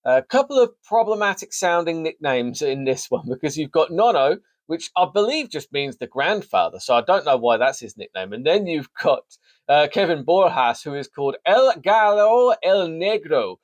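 A man's voice: on the high side, very animated, moderate pace, dry recording. A man hosting a sports show, casually previewing a fight card with jokey, rambling, self-mocking asides. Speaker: sports podcast host.

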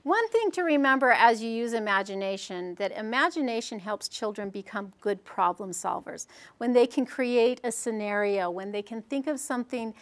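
A woman presenting a storytelling workshop, explaining ideas to a group in a friendly, encouraging way. Her voice sits high. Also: lively intonation, moderate pace.

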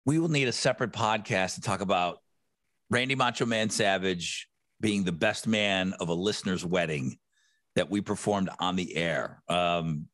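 A middle-aged man co-hosting a podcast, joking bluntly and crudely in quick banter. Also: deep voice, a bit bright, dry recording. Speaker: podcast co-host. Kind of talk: casual chat.

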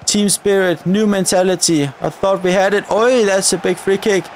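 A man with a high-pitched voice talks through a football video game match in a chatty, running commentary. He keeps grumbling at the referee and his own players as he plays. A faint hum sits under the recording. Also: steady tone, moderate pace. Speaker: gaming video creator.

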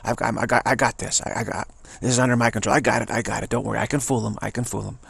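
A man's voice: medium pitch, flat delivery, very fast, vocal fry, fairly bright tone, slightly rough, no room sound, heavily acted. A man voicing Eve as a bossy, overconfident woman who snaps orders.

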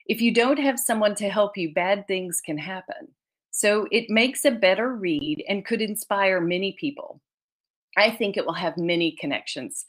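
Tearful, emotional woman author presenting over a video call; reads children's letters aloud and laughs often. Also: medium pitch. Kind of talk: conference presentation reading letters.

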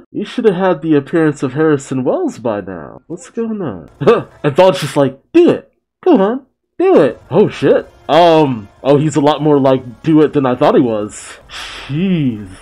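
A man giving casual live reaction commentary to a TV episode, exclaiming, sighing and thinking out loud. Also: medium pitch. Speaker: reaction video host.

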